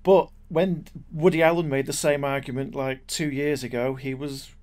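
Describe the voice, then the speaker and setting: A man's voice: mid-range voice, steady tone, moderate pace, a little mellow. A man from Britain co-hosting a podcast in casual chat, self-deprecating, with frequent stammered restarts. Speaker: cartoonist and podcast co-host.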